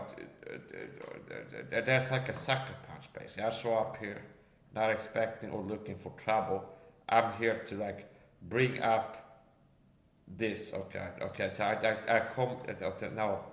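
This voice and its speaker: A man's voice: fairly low pitch, gravelly. A man ranting casually as a livestream guest, tagging his lines with "okay?" and "see?", recorded with a roomy echo. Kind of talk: casual rant.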